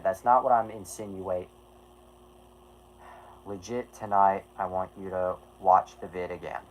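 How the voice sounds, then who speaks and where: A man's voice: fairly low pitch, muffled recording, a little hiss or hum. A man chatting casually on a livestream, rambling and apologetic, who swears and keeps restarting his sentences. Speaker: streamer.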